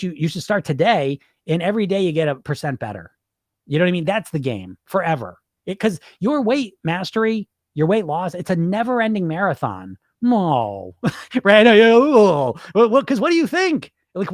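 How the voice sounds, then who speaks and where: A middle-aged man hosts his weight-loss podcast in a blunt, profane, off-the-cuff monologue, often laughing and stumbling over repeated words. His voice sits a little high and swoops up and down with energy. The sound is close and dry. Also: darkish tone, no echo. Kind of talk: unscripted livestream monologue.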